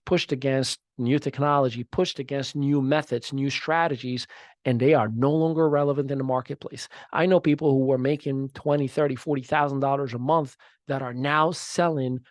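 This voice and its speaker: A man in his thirties hosting a podcast, giving an emphatic motivational talk that swings from loud to soft. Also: mid-range voice, fairly even intonation, moderate pace, no echo, studio quality. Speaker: podcast host.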